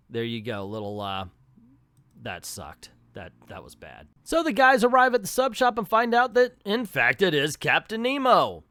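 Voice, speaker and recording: A man's voice: on the high side, sing-song, moderate pace, sharp tone, dry recording, clean studio sound. A man giving a casual, sarcastic spoken review of a comic book, with wry running commentary.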